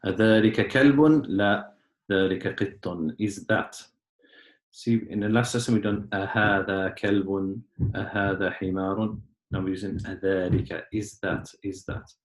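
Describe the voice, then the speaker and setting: Low-voiced man teaching Arabic, echoey room. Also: steady tone, moderate pace. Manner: patient, explains step by step, clears throat often. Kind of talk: online class lesson.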